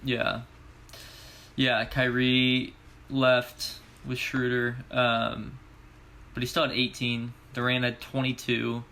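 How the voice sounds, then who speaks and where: A man's voice: mid-range voice, completely flat delivery, slow, sharp tone. A young man co-hosting a casual sports podcast, laid-back, laughing easily and rattling off stats. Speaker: podcast co-host.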